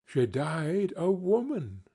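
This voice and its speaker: A man voicing a gentle, solemn ghost in an audiobook, speaking quietly and slowly. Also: a little high, wildly swooping pitch, creaky, husky, voice pushed up, heavily acted. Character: gentle solemn ghost of Christmas Past, spirit.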